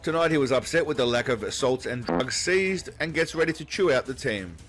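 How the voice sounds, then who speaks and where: A man doing a deadpan, sarcastic comedy voice-over that mocks the footage. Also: medium pitch, brisk, soft background music. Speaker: comedy narrator. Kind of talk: mocking commentary voice-over.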